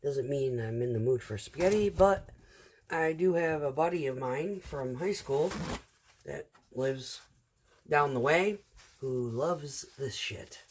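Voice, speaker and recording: A woman's voice: a bass voice, animated, slow pace, a little mellow, slight background noise. A middle-aged woman who drives a concrete truck, telling rambling work stories in a casual, chatty vlog full of fillers.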